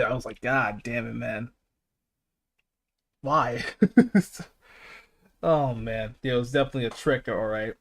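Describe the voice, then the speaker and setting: A man hosting a casual stream podcast, rambling and laughing often, swearing freely and restarting his sentences. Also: mid-range voice.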